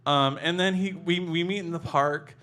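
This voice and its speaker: A man's voice: a little high, fairly even intonation, normal speed, bright, forceful tone. A man telling a personal memoir story in a casual, conversational way, full of "like" and restarts.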